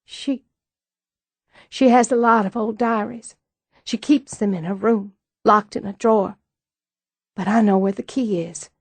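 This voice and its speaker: A woman voicing a fragile, ashamed young woman in an audiobook, with a halting, emotional delivery. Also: mid-range voice, breathy edge, dry recording. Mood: hopeful. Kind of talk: audiobook dialogue.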